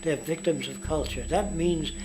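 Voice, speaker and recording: A man's voice: on the high side, moderate pace. A man giving an impassioned monologue in an emphatic, lecturing manner. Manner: emphatic, lecturing, mimics others. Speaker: interviewee.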